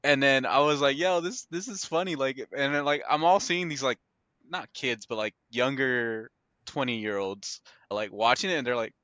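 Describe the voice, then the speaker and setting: A man co-hosting a casual movie discussion, laid-back and quick to laugh. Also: medium pitch, pushed and bright, no echo. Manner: laid-back, laughs a lot, short agreements. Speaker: podcast co-host.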